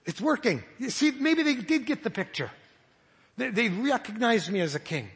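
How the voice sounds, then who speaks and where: A man preaching a sermon, earnest and halting, with frequent restarts as he speaks imagined prayers in the first person. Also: very high-pitched, very animated, a bit bright, husky. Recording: long hall reverb.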